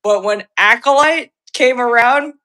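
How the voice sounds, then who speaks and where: A woman hosting a podcast in casual chat, excitable, laughing often and restarting her sentences. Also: fairly high pitch, measured pace. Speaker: podcast host.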